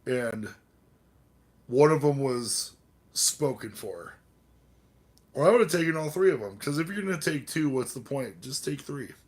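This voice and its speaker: A man with a mid-range, breathy-edged voice speaks in an animated but unhurried way, leaving long pauses. He's hosting a casual livestream, slightly tipsy from drinking, rambling and swearing as he talks to his chat and his cats.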